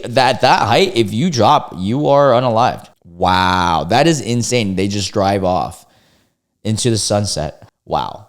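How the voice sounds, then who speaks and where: A man's voice: on the low side, normal speed. A man hosting a casual reaction video, reading forum posts aloud and reacting with cursing, exclamations and disbelief. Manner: animated, swears freely, exclaims in disbelief. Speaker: YouTube reaction host.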